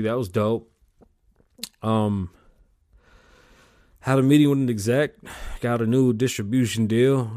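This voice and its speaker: A man hosting his own show alone, talking in a casual, rambling rant full of swearing, his pitch jumping up when worked up. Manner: profane, rambling, animated swings in pitch. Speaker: podcast host.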